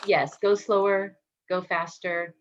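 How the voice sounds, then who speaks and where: A woman's voice: lowish voice, little pitch movement, takes it slowly, lo-fi sound, slight background noise. A woman student in an online class, chatty and playful.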